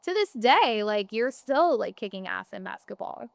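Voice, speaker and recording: A young woman co-hosts a podcast, rambling through a casual chat packed with fillers. Her mid-range voice has a sing-song lilt and vocal fry, her pace is moderate, and there's no room sound.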